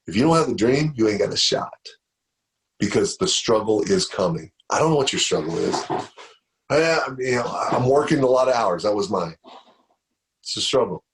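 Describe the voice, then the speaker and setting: A man's voice: fairly low pitch, expressive, moderate pace. A middle-aged man giving a motivational speech on stage, telling stories and repeating phrases for emphasis. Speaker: motivational speaker.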